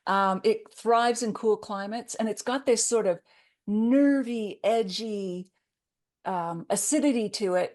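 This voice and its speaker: A woman's voice: mid-range voice, darkish tone. A woman speaker chatting on a video call, playful and self-deprecating, with many fillers. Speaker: keynote speaker. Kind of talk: casual conversation on a video call.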